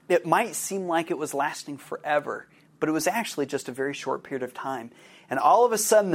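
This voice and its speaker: A man hosting a podcast, telling a personal story in a halting way with many fillers and restarts. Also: on the high side. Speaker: podcast host.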